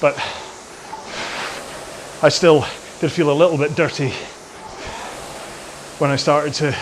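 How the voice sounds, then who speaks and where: A man's voice: fairly high pitch, fairly even intonation, takes it slowly, slight background noise. A man hosting a rowing workout from his home garage, chatting casually in a rambling, jokey and self-deprecating way during the cool-down.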